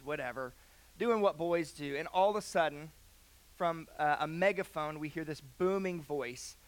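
A young pastor speaks from the pulpit in a church sanctuary. His voice sits a little higher than most men's. He tells his own story earnestly, and his prayers drop to a hushed tone. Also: smooth. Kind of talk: sermon.

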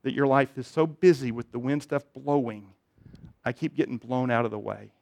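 A man's voice: medium pitch, moderate pace, vocal fry, a little mellow. A man preaching a sermon, telling funny personal stories and building to emphatic appeals. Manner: storytelling, self-deprecating humor, rising emphatic appeals. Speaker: pastor.

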